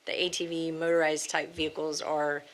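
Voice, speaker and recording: A woman's voice: low voice, flat delivery, normal speed, slight background noise. A woman testifying as a witness at a hearing, casual and hesitant, with many fillers. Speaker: applicant's witness. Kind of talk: answering questions at a hearing.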